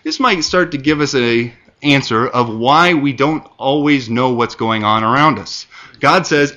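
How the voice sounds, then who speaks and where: Bright-voiced male preacher, lo-fi sound. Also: medium pitch, unhurried. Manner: earnest, reads scripture aloud with rising emphasis. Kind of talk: sermon.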